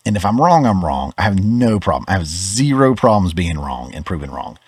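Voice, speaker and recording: A man's voice: low-pitched, big pitch swings, brisk, slightly rough, no room sound, studio quality. A Southern US man hosting a podcast, giving opinionated commentary in a conversational way, often restarting his words. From Georgia, US. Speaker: podcast host.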